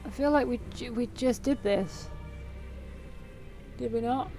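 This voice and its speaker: A woman's voice: fairly high pitch, a little slow, warm tone, faint music behind. A woman giving live commentary while playing a video game, chatty and self-mocking, swearing casually. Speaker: gaming video creator.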